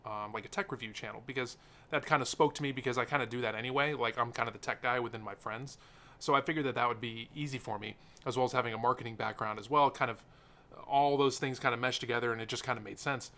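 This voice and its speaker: Seated in front of the camera and recorded on its built-in mic, a young tech YouTuber speaks off the cuff, earnestly and with open emotion, drifting into tangents and leaning on fillers. He talks fast in a steady, mid-range voice that comes across bright and forceful.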